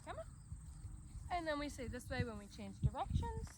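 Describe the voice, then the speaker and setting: A woman dog trainer explaining commands outdoors in a relaxed way, breaking off to give short commands to her dog. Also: sits high, fast talker. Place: outdoors in a grassy yard. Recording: outdoor recording with crickets and background noise.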